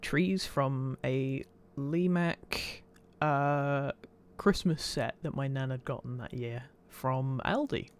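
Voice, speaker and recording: A man's voice: medium pitch, takes it slowly, clear, resonant tone. A man giving a casual, self-deprecating commentary over his old home videos and laughing often.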